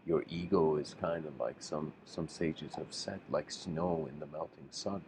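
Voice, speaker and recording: A man giving a livestreamed spiritual lecture, musing and halting, often restarting his sentences. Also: very deep voice, fairly even intonation, background noise.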